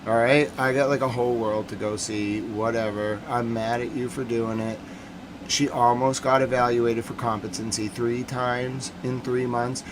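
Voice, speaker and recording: A man hosting a casual livestream, talking in an upset, rambling, repetitive way that swings from quiet to loud. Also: medium pitch, level tone, normal speed, noisy background. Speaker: host of a nightly news recap stream.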